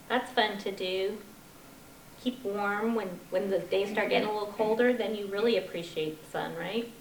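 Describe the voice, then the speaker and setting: In an echoey library room, a woman leads children's story time, reading a picture book in a sing-song voice and asking the kids questions. Her voice is mid-range and fairly bright, at a normal speed.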